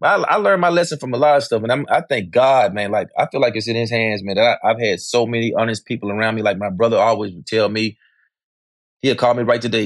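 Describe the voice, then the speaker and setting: A man's voice: on the low side, no echo, clean studio sound. Emphatic middle-aged man. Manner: emphatic, repetitive, sprinkles "man", swears freely. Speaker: interview guest, rapper. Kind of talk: candid conversational interview.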